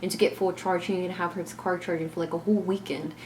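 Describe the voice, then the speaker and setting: A woman's voice: on the low side, level tone, fast, darkish tone, slight background noise. Rambling young woman telling a story. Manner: rambling, filler-heavy "like" talk. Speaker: family vlogger. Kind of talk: casual storytime.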